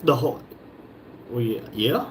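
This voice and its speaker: Speaking slowly and animatedly in a mid-range voice, a man runs a casual live stream from a shop, reading viewers' messages and teasing them. A bit of hiss or hum sits under the recording.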